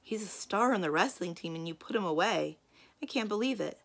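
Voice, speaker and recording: A woman's voice: medium pitch, expressive, a little fast, creaky, fairly bright tone. A woman voicing an indignant fourth-grade girl complaining about fig thieves in a children's storybook.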